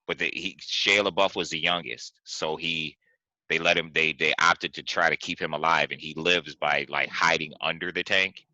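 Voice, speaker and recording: A man with an extremely deep voice chats casually as a podcast host, recounting stories with animation. His tone is bright and forceful. The sound is dry and close. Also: normal speed, no echo, highs cut off. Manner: animated storytelling, laughs often. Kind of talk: casual chat.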